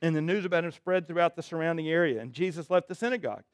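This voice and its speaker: A man's voice: very fast, dry recording, clean studio sound. Emphatic man preaching a sermon. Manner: emphatic preaching, dropping low and quiet for stress; reads scripture aloud and comments conversationally. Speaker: pastor.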